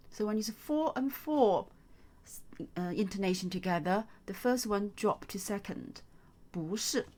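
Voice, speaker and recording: Woman tutor, talks real slow, says everything twice, patient. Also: mid-range voice, darkish tone. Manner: slow, patient, repeats each phrase. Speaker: Chinese tutor. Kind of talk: slow, clear language lesson.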